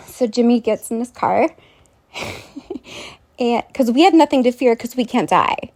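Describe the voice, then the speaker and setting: A woman with a notably high-pitched voice tells a long, rambling story to her viewers. She sounds incredulous and scornful, and she keeps breaking off to ask her audience questions directly. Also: animated, a little slow, long pauses, darkish tone. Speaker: vlogger.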